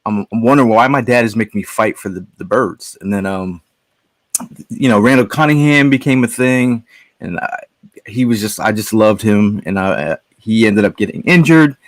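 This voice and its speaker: Man, low voice, dry close sound, halting storyteller, casual podcast chat. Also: no room sound. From Connecticut. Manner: rambling, halting storyteller with many restarts. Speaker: podcast guest.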